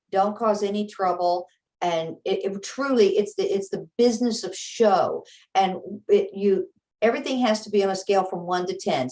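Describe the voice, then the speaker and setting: A woman's voice: medium pitch, a little mellow, far from the mic, rough recording. A woman opera singer from Texas, talking candidly and practically as a guest in an interview chat. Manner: candid, practical, explains vividly.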